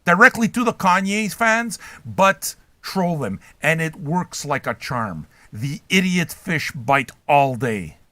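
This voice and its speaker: Older male streamer, foul-mouthed troll, fairly high and animated voice. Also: slow, hardly any pauses, no echo. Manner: brash, trolling, swears constantly. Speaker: livestream host reacting to chat. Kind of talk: profane, rambling livestream chat.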